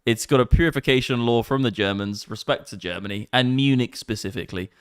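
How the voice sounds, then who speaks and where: A man in his thirties with an English accent, rambling excitedly and swearing often on a casual livestream. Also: medium pitch, quick pace, clear, resonant tone, no room sound, studio quality. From England. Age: 30s. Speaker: crypto streamer.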